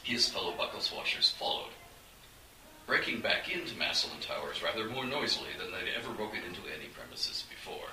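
A man narrates a fantasy adventure with a sweeping, animated pitch and a sharp, bright tone. His voice sits slightly low. He sounds set back from the mic in an echoey room with a faint hiss. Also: a little fast, recorded from a distance. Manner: animated, dramatic storytelling. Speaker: audiobook narrator.

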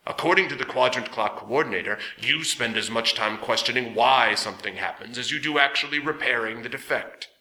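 A man voicing a stern, gravelly council elder in an audiobook, slow and measured. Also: mid-range voice, pushed and bright, echoey room, low-quality recording. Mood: judging. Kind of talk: audiobook character voice.

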